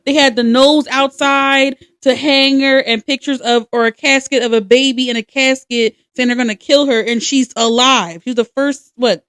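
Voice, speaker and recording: A young woman co-hosting a podcast, telling stories with lots of swearing and animation. Her voice sits a little high, and the sound is close and dry. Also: normal speed, few pauses, clean tone, no echo. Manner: animated, profane storytelling. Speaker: podcast co-host. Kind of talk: casual chat.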